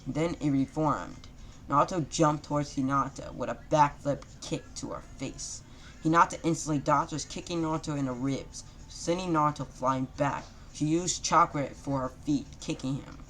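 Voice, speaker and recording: A man's voice: a little high, steady tone, moderate pace, a bit bright, slight background noise. Rambling man improvising a fan story. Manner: rambling, self-correcting, loose grammar. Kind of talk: improvised casual story narration.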